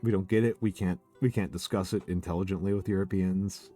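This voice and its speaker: A man's voice: low voice, steady tone, a little fast, dark tone, faint music behind. An American man hosting a casual, tipsy stream chat, rambling and swearing, with laughs between his thoughts. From United States. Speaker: streamer host.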